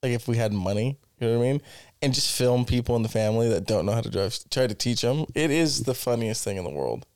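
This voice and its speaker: A man's voice: medium pitch, lively intonation, quick pace, a little mellow, smooth, dry recording, clean studio sound. A man co-hosting a casual podcast chat, telling rambling, profane stories and laughing often. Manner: laughing storyteller, swears a lot. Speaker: podcast co-host.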